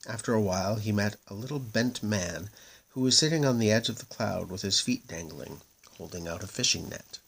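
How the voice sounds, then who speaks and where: A man reading a children's story aloud in a gentle, expressive way. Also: lowish voice, a little fast, gravelly, breathy edge. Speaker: narrator.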